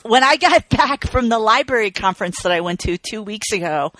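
A woman co-hosting a casual podcast, telling stories in an animated way, swearing and venting as she goes. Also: on the high side, a little fast, dry recording. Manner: animated, profane storyteller who vents with laughs. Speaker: podcast co-host.

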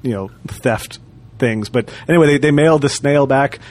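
A man's voice: mid-range voice, normal speed, a little mellow. A man talking loosely on a podcast, drifting through stories with plenty of "uh" and "you know." His voice sits in an ordinary middle register, and he keeps circling back to restart his sentences. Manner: rambling, many fillers and restarts. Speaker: podcast co-host. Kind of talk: casual chat.

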